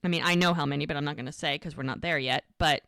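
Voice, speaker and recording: A woman's voice: low voice, steady tone, very fast, gravelly, fairly bright tone, no room sound, studio quality. A woman co-hosting a podcast, casually retelling TV scenes and acting out the characters' lines. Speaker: podcast co-host recapping a TV show.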